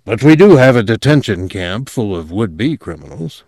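A man's voice: on the low side, sing-song, moderate pace, a little mellow, dry recording, studio quality. A man voicing an older male agency chief who speaks in a guarded, controlled way. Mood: explaining.

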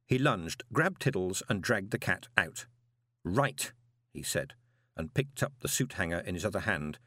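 A man reading a novel aloud as an audiobook narrator, dramatic and expressive with drawn-out pauses. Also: sits low, no room sound. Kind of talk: scripted narration. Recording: dry close studio recording.

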